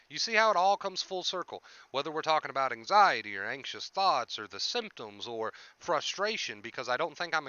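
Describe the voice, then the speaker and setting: A man talks through anxiety coaching on a live stream, earnest and reassuring, circling back to the same points again and again. His voice is bright and smooth. The sound is dry and a little dull. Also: on the high side, dry recording.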